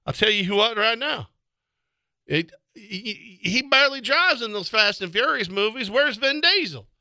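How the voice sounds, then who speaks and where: Man doing a nasal redneck race fan, high-pitched, shouting, very bright tone. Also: animated, unhurried, gravelly, dry recording, clean studio sound, full character voice. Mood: ranting. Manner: shouting twangy rants. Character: loud nasal redneck male racing fan, indignant.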